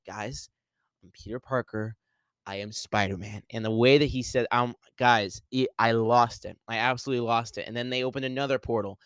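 A man hosting a podcast solo, talking excitedly and rambling, with lots of "like". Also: medium pitch, clear, resonant tone, no room sound. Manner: excited, rambling, heavy use of "like". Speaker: podcast host. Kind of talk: solo movie spoiler talk.

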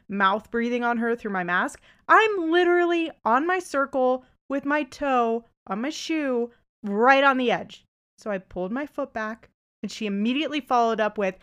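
A young woman hosting a Christian podcast, recounting a story with lively emphasis before easing into calm reflection. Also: a little high, clean tone. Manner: animated retelling, voices rise for quoted lines. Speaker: podcast host.

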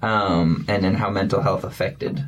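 A man's voice: sits low, fairly even intonation, a little slow, lo-fi sound, a little hiss or hum. A man co-hosting a casual interview, asking questions and adding short encouraging remarks. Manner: friendly, brief encouraging interjections. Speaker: podcast co-host.

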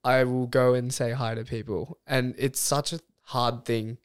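A man's voice: medium pitch, level tone, unhurried, clear, resonant tone. A man hosting a podcast, chatting casually and enthusiastically and swearing here and there. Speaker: podcast host.

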